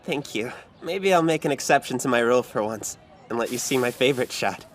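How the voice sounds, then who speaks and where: A woman's voice: rumbling low, expressive, brisk, slight background noise. A woman dubbing a playful young photographer friend who talks in a teasing, breezy way. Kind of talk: anime English dub.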